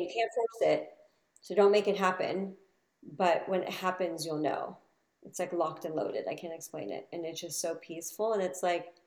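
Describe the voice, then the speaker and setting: A woman with a fairly low voice talks casually about her inner life, swinging from soft, slow murmurs to sudden loud, swearing bursts. The room behind her rings with echo. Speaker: spiritual teacher and podcast host. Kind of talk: casual reflective monologue.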